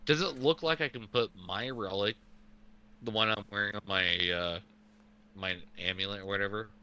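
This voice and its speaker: A man playing a tabletop game online, asking eager quick questions. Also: fairly low pitch, pushed and bright, clear, resonant tone, muffled recording. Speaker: player. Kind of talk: casual tabletop play. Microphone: online call.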